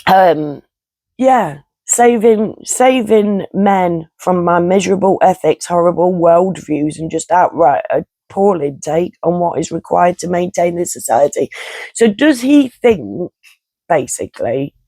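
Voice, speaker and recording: A woman's voice: on the low side, animated, a little slow, dark tone, no echo. A woman, ranting bluntly and chattily to her viewers, swearing and laughing as she goes. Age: 50s. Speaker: vlogger. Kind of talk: casual rant to camera.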